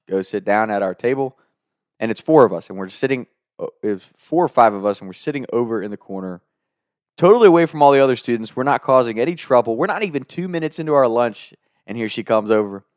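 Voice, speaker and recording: Animated young man telling a story. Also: medium pitch, quick pace, no echo, clean studio sound. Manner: animated, acts out quotes with sudden loud outbursts. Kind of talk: casual storytelling.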